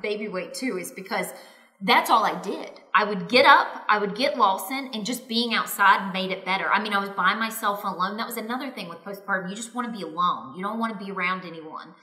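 A woman's voice: mid-range voice, fairly quick, bright, forceful tone. A young woman telling a candid personal story with her husband, retelling what people said with "she goes" and "I was like.". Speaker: co-host of a couples channel. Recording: echoey room.

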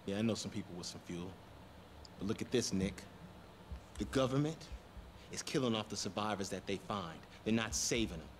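A man's voice: lowish voice, brisk, pauses often, slight background noise, natural voice. An actor playing a blunt, distrustful male resistance leader in a video game, speaking in a hard, commanding way. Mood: stern.

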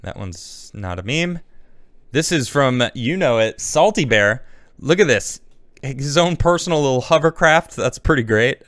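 A male host talks casually through a pile of memes, rambling and thinking out loud as he goes. His voice sits at a middle pitch for a man. The recording is close and dry, with no room sound at all. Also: lively intonation, a little slow, no echo. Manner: rambling, chatty, thinks aloud. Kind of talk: casual commentary, reacting to memes.

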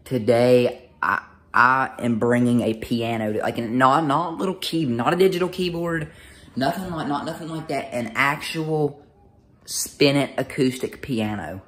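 A young man, vlogging casually to camera, excitable and rambling with restarts. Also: medium pitch, normal speed. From United States.

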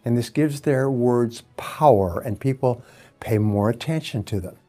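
A man giving a self-help talk as a motivational speaker, measured and explanatory, leaning on key words. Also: medium pitch, mellow, soft background music.

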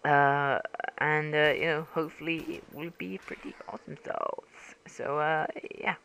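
A man's voice: fairly high pitch, level tone, a little slow, creaky, sharp tone, slight background noise. A man gives casual, rambling game commentary into a gaming headset, full of fillers and restarts, with a cough.

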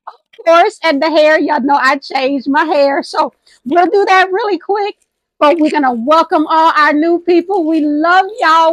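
A slightly hoarse woman hosting a casual vlog, lively and affectionate, who calls her viewers honey, recorded outdoors on a patio at night. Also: high voice, a little slow, no room sound, poor audio. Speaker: thrift and home vlog host.

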